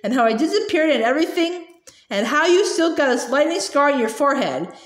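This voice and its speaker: Woman voices starstruck young schoolboy, breathless and eager; high, echoey storybook read. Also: lively intonation, fairly quick. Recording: roomy echo.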